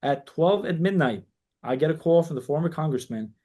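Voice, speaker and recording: A community organization founder who grew up in New York appears as a guest on a casual podcast interview. He's an animated storyteller who spins long tales, quotes people in dialogue, and often restarts his sentences, speaking briskly in a slightly high voice.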